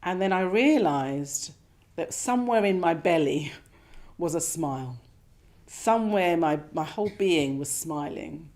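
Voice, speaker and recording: A woman telling a personal story at a meditation class, reflective and gently animated, sometimes acting out her own thoughts. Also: low voice, measured pace. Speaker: speaker sharing her meditation experience. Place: meditation centre shrine room with a class.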